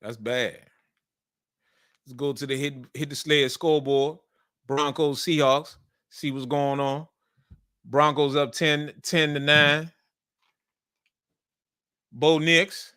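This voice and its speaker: A man's voice: on the high side, fairly even intonation, slow, pauses often, pushed and bright, clean tone, no echo, clean studio sound. A man hosting a sports show, talking casually and emphatically about football and repeating his points. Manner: repetitive, emphatic, colloquial.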